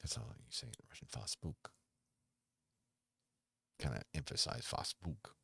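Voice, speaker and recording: A man in his forties with an extremely deep, gravelly voice talks casually as a solo podcast host. He rambles and halts, restarting his sentences often. The sound is dry and close. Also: big pitch swings, bright, forceful tone, no echo. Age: 40s. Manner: rambling, halting, with many restarts.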